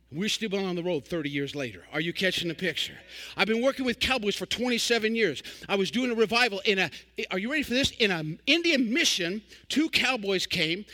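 High, bright-voiced folksy older preacher. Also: male voice. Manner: folksy, animated preaching with sudden loud bursts and quick asides. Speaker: traveling evangelist. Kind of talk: sermon.

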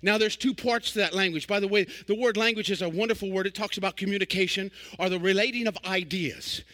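An older man delivers a folksy evangelist sermon in a high, bright voice. He swings between quick humorous asides and sudden loud, animated bursts. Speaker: traveling evangelist.

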